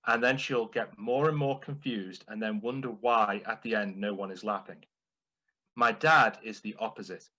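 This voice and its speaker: Husky, bright-voiced man giving a speech. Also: fairly low pitch, poor audio. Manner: playful, deliberate. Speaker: club speaker. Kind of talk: humorous prepared speech.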